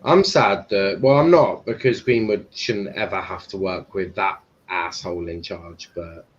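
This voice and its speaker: A man's voice: sits low, measured pace. A man hosting a football watchalong stream, casual, blunt and swearing. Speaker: watchalong host. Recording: dull lo-fi stream mic with faint noise.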